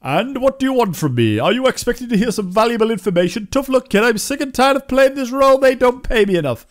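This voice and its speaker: A man's voice: extremely high pitch, lively intonation, quick pace, pitched above the performer's own voice. A man reading the lines of a bitter, fed-up male townsman in a video game, in a scornful, complaining manner.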